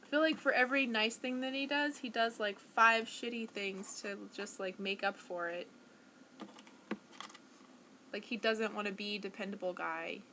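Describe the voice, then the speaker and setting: A young woman vlogs to camera at home in a casual, rambling monologue, self-conscious and full of restarts and fillers. Her medium-pitched voice is pushed and bright, with fairly even intonation at normal speed, and there's a little hiss or hum.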